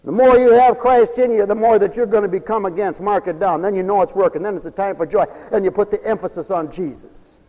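Male preacher with a high voice, folksy and emphatic, heard in a long church reverb. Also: quick pace, few pauses, lo-fi sound. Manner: folksy, emphatic, swings from hushed to shouting. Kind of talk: fiery sermon.

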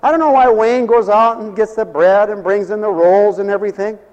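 Man, preacher, high voice, folksy humor, fervent, echoey church hall. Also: a little fast, darkish tone, lo-fi sound. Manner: folksy, joking, rising to fervent hallelujahs. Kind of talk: sermon.

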